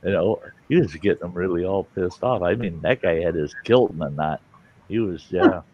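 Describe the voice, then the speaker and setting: A man with a very low voice hosts a casual livestream chat, spinning rambling, salty stories. His audio is dull and lo-fi with a faint hiss beneath it. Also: normal speed. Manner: rambling storyteller, salty, acts out quotes. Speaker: host.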